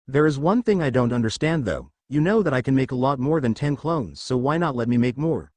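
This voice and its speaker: A man's voice: medium pitch, expressive, a little fast, a little mellow, no echo, lightly acted. A man voicing a blunt, proud young male ninja in a read-aloud fan story, speaking plainly and directly. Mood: earnest.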